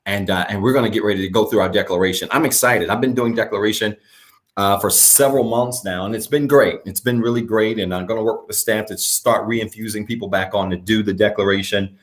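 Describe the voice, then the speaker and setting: A male pastor speaking to his online congregation, repeating calls to action and reading a declaration slowly, pausing for listeners to repeat. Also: on the low side. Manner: slow, measured reading with pauses for repetition. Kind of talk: church broadcast address and declaration.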